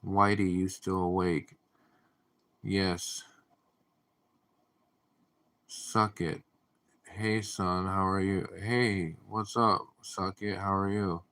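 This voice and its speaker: A man hosting a casual livestream, reading viewer comments aloud and answering them in a deadpan, drowsy way. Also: low-pitched, extremely slow, pauses often. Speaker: livestream host.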